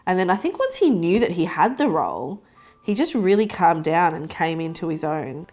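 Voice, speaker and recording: A woman's voice: lowish voice, very animated, normal speed, a little mellow. A woman from the film crew, chatting about auditions in a documentary interview with lots of "like" and "um". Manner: chatty, uses many fillers. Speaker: crew member on casting.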